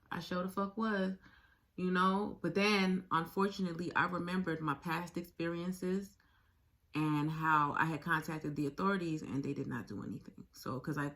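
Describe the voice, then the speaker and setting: Blunt, halting woman with a bright voice. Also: fairly low pitch. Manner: frank and profane, halting, repeats phrases. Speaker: video blogger sharing a survivor story. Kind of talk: candid personal storytelling.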